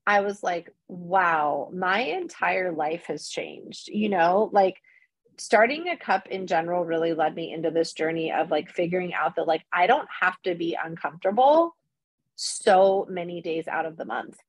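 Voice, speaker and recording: A woman in her thirties, a podcast guest chatting casually and telling animated stories with lots of fillers. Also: fairly low pitch, moderate pace, husky, dry recording. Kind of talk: casual chat.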